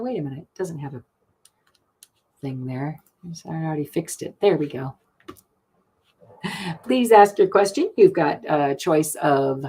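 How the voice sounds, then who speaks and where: A woman's voice: sits low, a little mellow, husky. A middle-aged woman hosting a live card reading stream, chatty and gushing, laughing often.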